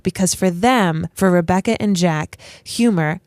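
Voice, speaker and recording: A woman in her thirties co-hosting a TV show podcast, telling a personal story in a chatty, expressive way. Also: lowish voice, measured pace, few pauses, dry recording, clean studio sound. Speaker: podcast co-host. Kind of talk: casual chat and storytelling.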